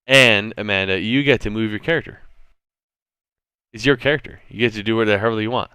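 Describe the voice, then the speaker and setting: A man's voice: lowish voice, fairly quick, pauses often, clear, resonant tone, no echo. A man as game master, enthusiastically explaining a tabletop game setup. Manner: animated, enthusiastic, expressive.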